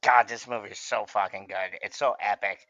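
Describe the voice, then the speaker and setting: A man hosting a movie watch-along, chatting casually and excitedly, swearing often and laughing as he reacts. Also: lowish voice, a little fast, no room sound. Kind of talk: casual chat, reacting to a film.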